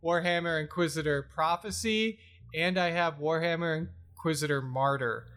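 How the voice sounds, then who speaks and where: Relaxed man in casual chat. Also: fairly high pitch, moderate pace, clean tone, soft background music.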